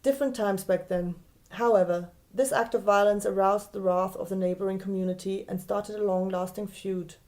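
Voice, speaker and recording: A young woman with a German accent giving a careful, scripted talk that explains idioms, slowing down to spell out German words. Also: mid-range voice, fairly even intonation, darkish tone. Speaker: podcast host.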